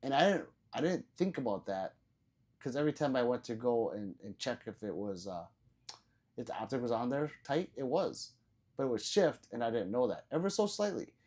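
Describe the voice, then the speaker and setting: A man's voice: mid-range voice, animated, moderate pace, darkish tone. Male streamer, casual and swear-prone, chuckling through viewer comments; voice swings up and down a lot. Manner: laughs often, swears casually, reads viewer comments aloud. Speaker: livestream host reading chat. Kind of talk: casual live-stream chat.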